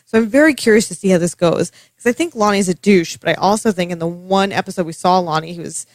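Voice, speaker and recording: A woman's voice: on the low side, fast, no echo. A woman co-hosting a podcast in casual chat, frank and chatty, swearing freely. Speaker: podcast co-host.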